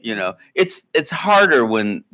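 A male author telling a story in a live onstage conversation, halting with many restarts and laughing as he goes. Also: medium pitch, sing-song, bright, forceful tone. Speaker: author guest. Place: library stage before an audience.

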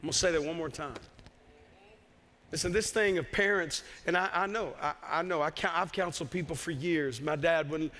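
A man preaching to his congregation in a high, bright voice that carries. He repeats key phrases for emphasis. His voice rings with long reverb through a church hall. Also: normal speed. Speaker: pastor. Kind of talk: sermon. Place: church sanctuary.

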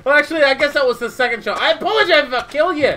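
A woman playing a multiplayer game in a put-on British accent, narrating her own moves and breaking into panicked shouts. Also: high voice, animated, racing. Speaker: gamer.

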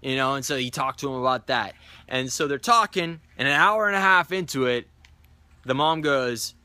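Bright-voiced man telling a sales story. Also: medium pitch, moderate pace, clear, resonant tone, no echo. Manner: animated storyteller acting out quotes. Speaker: sales trainer. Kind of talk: storytelling sales tip video.

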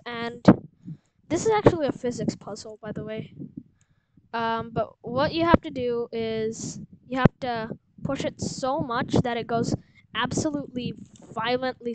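Woman slowly talking thru a game guide, kinda high voice, rambly and unsure, loud hiss and clicks behind. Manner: rambling, unsure, many fillers. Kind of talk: casual gameplay walkthrough. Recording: loud background noise with clicks.

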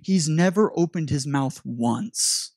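A woman's voice: deep voice, lively intonation, slow, darkish tone, no room sound, clean studio sound, exaggerated voice. A man retelling the words of a puzzled, apologetic female store clerk in his own voice.

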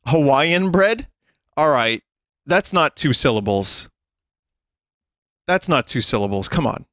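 A man's voice: a little high, very animated, slow pace, fairly bright tone, dry recording, clean studio sound. A man hosting a livestream, chatting casually to his viewers and laughing often as he reads a list aloud. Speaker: livestream host. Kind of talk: casual stream chat.

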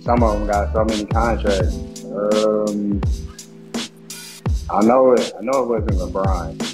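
A man being interviewed as a sports media guest, talking in a relaxed, hesitant way with many fillers. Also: fairly low pitch, takes it slowly, music in the background, low-quality recording. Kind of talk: casual interview chat.

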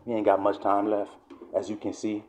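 A man preaching a fiery, profane sermon, swearing often and sometimes shouting. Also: on the low side, monotone, moderate pace, a little hiss or hum.

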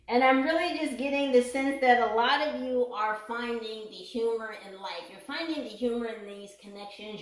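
A woman giving a casual tarot reading in a chatty, joking way, swearing freely and laughing often. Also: on the high side. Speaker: tarot reader. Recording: echoey room.

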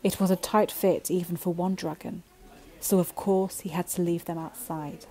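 A woman telling a bedtime story in a gentle, slow way that sometimes drops to a whisper. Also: on the low side, fairly even intonation, rough recording.

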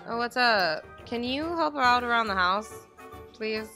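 A woman's voice: fairly high pitch, animated, a little slow, sharp tone, soft background music. A young woman hosting a gaming video, chatting casually and talking to her game characters as she plays. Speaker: gaming channel host. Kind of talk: casual let's-play commentary.

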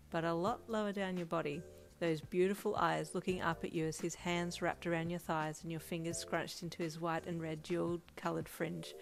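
A woman narrates a fan fiction aloud in a steady, even storybook manner. Her voice sits slightly low for a woman. Soft music plays faintly behind her.

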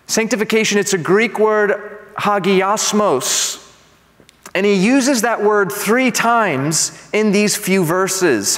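Animated preacher in a reverberant hall. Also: male voice, sits high. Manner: animated, asks the congregation to respond. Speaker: pastor. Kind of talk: expository sermon. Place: church sanctuary.

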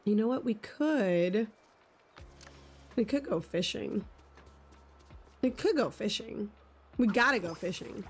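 A woman's voice: mid-range voice, lively intonation, takes it slowly, long pauses, slightly rough. A woman streaming a video game live, gushing and giggling as she chats with her viewers. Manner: bubbly, gushing and giggly, talking to chat. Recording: faint music behind.

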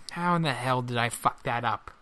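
A woman playing a video game and commenting as she goes, with constant swearing and loud, frustrated outbursts at the game. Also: a bass voice. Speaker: let's play gamer. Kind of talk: live gameplay commentary.

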